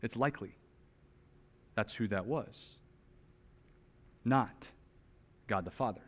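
With wide swings in loudness, a fairly low-pitched pastor delivers an expository sermon, animated and emphatic throughout. Certain points he booms out, while others come in a hushed, slowed-down voice.

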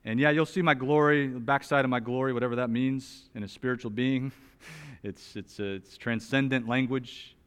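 A man preaching an expository sermon. He talks in an animated, emphatic way, rises loudly on some points, and drops to a soft, slow voice on others. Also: medium pitch, clean tone. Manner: animated, emphatic, with wide swings in loudness. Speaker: pastor.

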